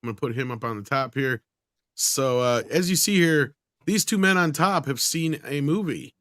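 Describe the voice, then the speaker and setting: A man's voice: mid-range voice, expressive, moderate pace, a bit bright, no echo. Easygoing male host, dry sound. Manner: easygoing, joking host introducing guests. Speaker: show host. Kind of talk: casual panel chat.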